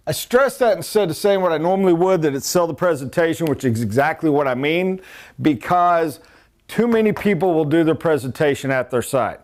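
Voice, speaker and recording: A man's voice: a little high, lively intonation, normal speed, a little mellow. A man giving a sales training talk, blunt and emphatic, drilling his points by repetition.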